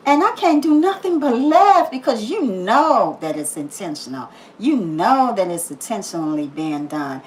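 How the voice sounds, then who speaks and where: A woman hosting a daily positive-message video, talking casually, laughing often and repeating phrases for emphasis, then softening into slow prayer. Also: mid-range voice, sing-song, rough recording. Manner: drops to a soft, slow prayerful tone. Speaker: YouTube host giving a daily positive message. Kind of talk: casual inspirational monologue.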